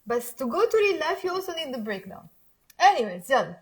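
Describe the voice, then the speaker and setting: A young woman with a Lebanese accent teaching Arabic in a live online lesson, repeating words slowly and quizzing her listeners. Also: sits high, very animated.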